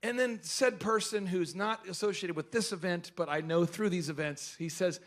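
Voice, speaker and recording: A middle-aged man telling jokey stories at a business workshop, asking the audience questions and shouting his punchlines. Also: sits high, moderate pace, hardly any pauses. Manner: animated, jokey, acts out quoted voices. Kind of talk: energetic seminar storytelling to a live audience.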